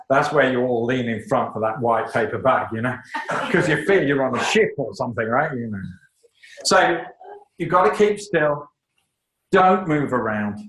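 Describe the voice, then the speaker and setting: A man giving a lively, emphatic lecture on public speaking, with joking asides to the audience. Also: medium pitch, roomy sound, poor audio. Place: lecture room.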